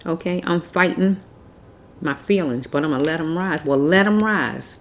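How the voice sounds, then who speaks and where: A woman's voice: low voice, moderate pace, a little hiss or hum. A woman giving a casual tarot reading, blunt and preachy, repeating herself as she scolds. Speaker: tarot reader.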